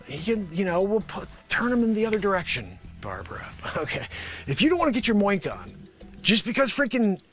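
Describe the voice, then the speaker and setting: A man doing an improvised comedy monologue, rambling and animated, sometimes shouting. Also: high voice, brisk, soft background music. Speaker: comedian host. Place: home studio with green screen.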